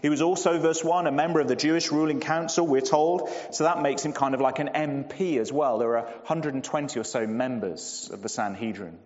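A man preaching a sermon, measured and emphatic, slowing down and dropping low on key phrases. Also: a little mellow. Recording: dull lo-fi sound in a long-reverb hall.

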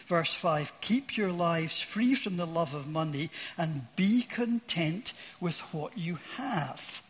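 Slow, high-voiced preacher. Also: male voice, fairly bright tone, big-room sound, lo-fi sound. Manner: earnest, questioning the listeners. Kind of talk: sermon.

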